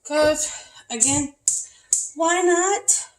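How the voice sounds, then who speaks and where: A woman's voice: high voice, drawn-out words. A woman chatting casually while she cooks dinner in her home kitchen, a bit out of breath. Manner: chatty, talks while cooking, uses "y'all". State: out of breath from back pain. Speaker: cooking vlogger. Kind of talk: casual cooking vlog narration. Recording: echoey kitchen with frying noise. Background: frying and sizzling.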